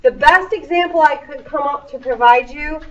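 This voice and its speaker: Recorded from a distance in a reverberant classroom with a dull sound, a high-voiced woman teaches middle school English at a moderate pace. She is patient in her explanations and slips in playful remarks.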